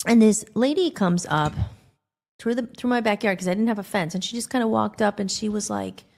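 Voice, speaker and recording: A woman hosting a podcast, telling a personal story in a rambling, animated way, acting out the dialogue. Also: mid-range voice, a little fast, gravelly. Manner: rambling, animated, acts out quoted dialogue with filler "like". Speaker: podcast host.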